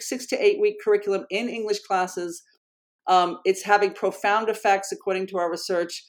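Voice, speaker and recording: A woman educator speaking in an interview, earnest and animated, often correcting herself mid-sentence. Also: mid-range voice. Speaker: educator and program founder. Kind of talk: conversational interview storytelling.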